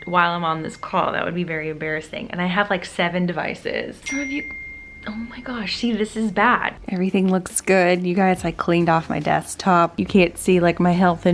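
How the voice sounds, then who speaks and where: A woman's voice: on the low side, slight background noise. A woman in her thirties with a Southern American accent, vlogging in a casual, chatty way and laughing at herself often. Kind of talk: casual vlog chat.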